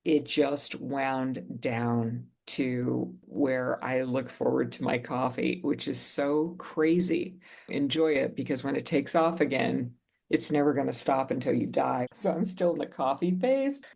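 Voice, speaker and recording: A podcast co-host with a gravelly, creaky texture tells a personal story in earnest, easy conversation. The delivery slows down at reflective moments, and the pitch sits in the middle of the range. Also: a little mellow.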